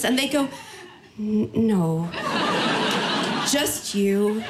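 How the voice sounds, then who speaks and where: A woman with an Irish accent telling a personal story, lively and acting out the people she quotes. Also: a little high, normal speed, pauses often, background noise. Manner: lively, acts out other voices in quotes. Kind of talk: personal story told to an audience.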